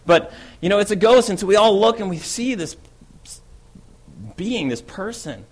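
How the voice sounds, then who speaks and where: An eager, bold fisherman apostle, as a man plays him in a first-person dramatic monologue. He tells his story in a loose, conversational way. He keeps checking in with a quick "right?". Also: high-pitched, expressive, husky, full character voice. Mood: wondering.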